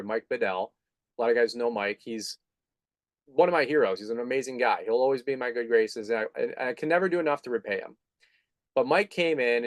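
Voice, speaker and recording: A man's voice: mid-range voice, no echo. Candid middle-aged man telling his story. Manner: candid, animated when quoting others, self-deprecating. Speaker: lawn care business owner, podcast guest. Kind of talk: conversational interview storytelling.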